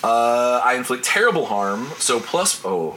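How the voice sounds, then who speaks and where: A man's voice: medium pitch, sing-song, measured pace, sharp tone, slight background noise, rough recording. A man playing a tabletop game, joking and thinking aloud while working out his roll. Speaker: player. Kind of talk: casual chat at a tabletop game.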